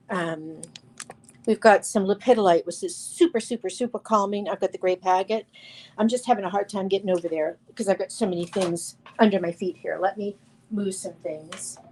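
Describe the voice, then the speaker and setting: A woman's voice: medium pitch, a little mellow. A woman hosting a live crystal sales show, talking chattily with lots of fillers and restarts, calling out viewers by name. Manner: addresses viewers by name while showing stones. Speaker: live sale host.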